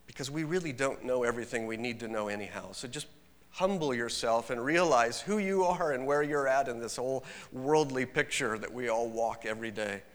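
A man's voice: medium pitch, a little fast, big-room sound. A man preaching a sermon as pastor, earnest and conversational, with sudden emphatic rises.

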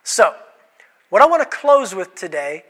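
This man's voice sits high and sounds a bit bright, with an unhurried, sing-song lilt. He's a pastor preaching interactively, questioning his congregation and naming individuals, captured with hall reverb.

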